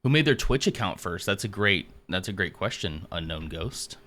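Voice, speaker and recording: A livestream host with a deep, expressive voice speaks at a normal pace, his tone pushed and bright. He's chatting casually with viewers while out of breath from exercising, greeting them by name and poking fun at himself.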